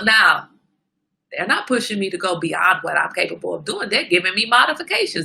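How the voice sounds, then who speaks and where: Middle-aged female host, candid and preachy monologue, bright tone with some fry. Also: medium pitch, fast. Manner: candid, preachy, animated self-talk. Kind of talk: casual motivational monologue.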